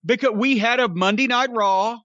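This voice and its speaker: Podcast host, 60s, drawl, profane sarcastic ranter, high bright voice, dry slightly dull mic. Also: male voice, normal speed, no room sound. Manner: profane, ranting, sarcastic storyteller. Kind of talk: casual podcast rant.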